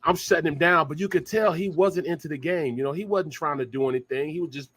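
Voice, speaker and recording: A man's voice: fairly high pitch, fast talker. A man in his fifties, a former pro football player, telling locker-room stories in casual chat and acting out the voices of the people in them. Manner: animated, acts out the voices of others.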